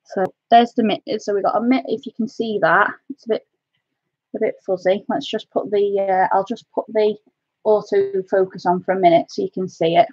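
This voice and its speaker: A woman's voice: medium pitch, steady tone, normal speed, darkish tone, breathy edge, no echo. Chatty Welsh woman with a dull, dry sound. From North Wales. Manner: chatty, calls viewers "my love" and "my lovely". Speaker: craft live-stream host. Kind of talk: casual live-stream chat.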